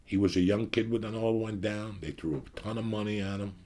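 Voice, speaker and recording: A man's voice: fairly low pitch, brisk, warm tone. A man in his fifties from the New York area, hosting his show with a blunt, profane rant to his audience. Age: 50s. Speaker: podcast host.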